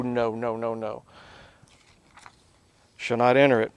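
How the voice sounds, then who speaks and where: A man teaching scripture like a professor in front of a class, his voice pitched in the middle range. He drops to soft, quiet asides and then climbs into loud, emphatic bursts. The room sounds dry and close. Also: moderate pace, dry recording. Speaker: Bible professor teaching a lesson. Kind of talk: lively classroom Bible teaching.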